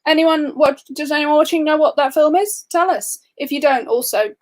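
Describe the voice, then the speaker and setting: Woman host, relaxed and friendly, slightly high-pitched voice. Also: moderate pace. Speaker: podcast host. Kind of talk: casual podcast chat.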